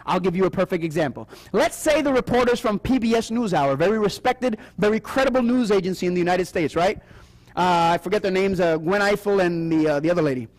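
A man preaching a Bible prophecy sermon, animated, often asking the audience questions and acting out quoted voices. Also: sits high, fast talker. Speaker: seminar preacher.

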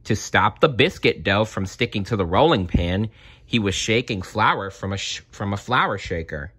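Reading a picture book to children, this male storyteller speaks at a moderate pace in a lowish, slightly rough voice, lively in manner and adding brief asides. The recording has no echo.

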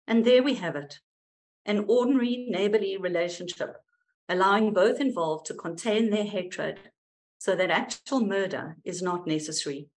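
A woman psychoanalyst reading a prepared paper aloud in a measured, wry, expressive way. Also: mid-range voice, low-quality recording.

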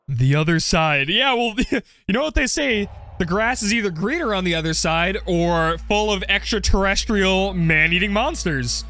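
A young man commenting on his game play, joking and getting excited as he goes. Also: high voice, normal speed, faint music behind. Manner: jokey, excitable, role-plays as the character. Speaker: gaming video creator.

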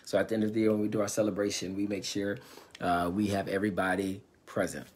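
A man's voice: lowish voice, level tone, fast, a little mellow. A man, a pastor, reading scripture aloud on a live stream and adding brief asides to the viewers.

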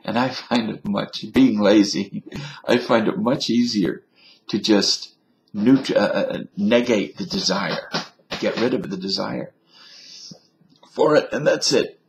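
Slow, gravelly man musing on a webcam. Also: on the low side. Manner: wry, self-mocking, musing. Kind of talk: rambling webcam monologue. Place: indoors at a computer.

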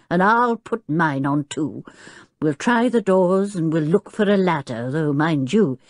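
A woman's voice: low-pitched, no echo, studio quality. A woman voicing a doubtful, patient male professor who reasons mildly and sighs. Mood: weary impatience. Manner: mild, sighing, reasoning.

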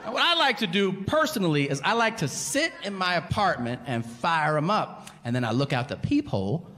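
A man's voice: on the high side, moderate pace. A man performing stand-up comedy on a theater stage, telling profane stories and acting out the people in them. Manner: profane, animated storytelling that acts out the people in his stories. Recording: long hall reverb of a live venue.

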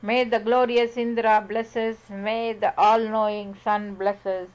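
Slow, measured woman reading scripture. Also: medium pitch, level tone, clear, resonant tone, lo-fi sound. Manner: measured, chanting out long lists of sacred syllables. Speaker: scripture reader.

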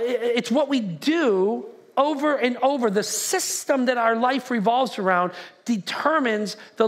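Animated high-voiced man preaching. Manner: conversational, animated, shouts acted-out quotes. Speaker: pastor. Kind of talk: sermon. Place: church sanctuary.

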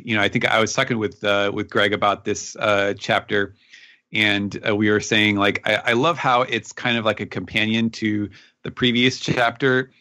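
A man on a podcast talking through a recap in a casual, rambling way, pausing often on fillers. His voice is lowish and even. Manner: rambling, filler-heavy, hesitant. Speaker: podcast panelist.

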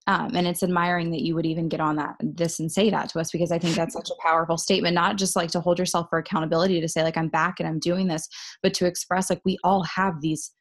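Brief: woman team leader on a video call, encouraging and repetitive, low-pitched. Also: level tone, quick pace. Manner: upbeat, encouraging, repeats phrases for emphasis. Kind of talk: motivational team call talk.

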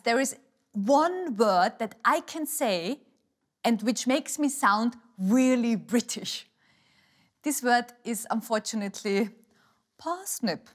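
A woman from Austria with an Austrian German accent, a native German speaker, doing a stand-up set on a comedy stage in a deadpan, self-mocking way. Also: a little high, a little slow. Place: live comedy venue stage.

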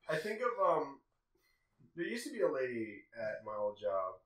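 Animated man swearing through movie jokes. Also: medium pitch, normal speed, echoey room, recorded from a distance, low-quality recording. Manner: laughing, profane banter. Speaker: riff track co-host. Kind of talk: casual joking movie commentary.

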